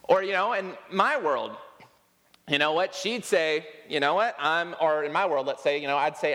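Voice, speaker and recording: A man preaching a sermon in a church, his voice sitting a little higher than most men's. He keeps a relaxed, conversational tone with gentle humor and acts out the lines he quotes. The sound carries a long reverb from the sanctuary. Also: moderate pace. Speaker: pastor.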